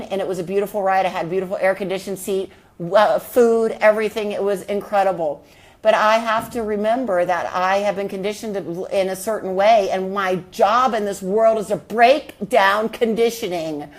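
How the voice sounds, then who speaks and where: A woman, a healing coach, telling a personal story in an earnest, reflective way, often asking her listeners questions. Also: mid-range voice.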